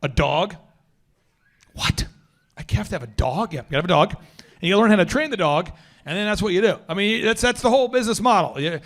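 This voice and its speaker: A male podcast host with a notably high voice talks in a casual, slangy way. He is energetic and animated and leans hard into his storytelling. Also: fast.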